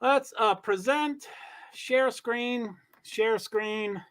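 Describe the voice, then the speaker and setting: A man hosting a livestream, giving rambling, chatty commentary on a car race and swearing when he gets excited. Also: very high voice, drawn-out words. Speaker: livestream host. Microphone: computer mic on a streaming call.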